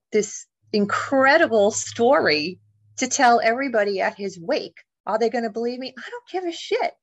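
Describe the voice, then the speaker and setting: A middle-aged woman, a guest author and paranormal investigator, telling a personal story in an animated, emotional way, acting out the voices of the people in it. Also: medium pitch, no room sound. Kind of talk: storytelling in a podcast interview.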